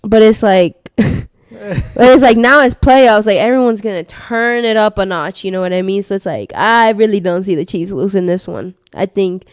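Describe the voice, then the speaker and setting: A woman's voice: medium pitch, normal speed, clear, resonant tone, no echo. A young woman co-hosting a sports podcast, talking casually in loose slang with lots of fillers. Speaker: podcast co-host.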